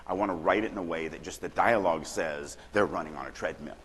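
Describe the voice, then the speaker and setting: A middle-aged man from Louisiana giving a casual, animated writing workshop talk at a conference, acting out quoted lines now and then. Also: low-pitched, quick pace. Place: conference hall. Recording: long hall reverb, faint room noise.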